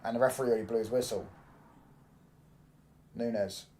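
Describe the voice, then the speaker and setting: A young man, chatting casually on a football watchalong stream, swearing freely and breaking into loud reactions to the match. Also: mid-range voice, fairly even intonation, moderate pace. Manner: loose, swearing banter, reacts loudly to the match. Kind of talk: casual live-stream chat.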